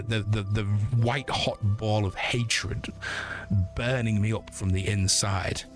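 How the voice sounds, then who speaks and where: A man in his forties, a streamer ranting casually and swearing, with lively storytelling. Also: on the low side. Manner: sweary, animated storytelling with mock voices. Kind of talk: casual rant while gaming.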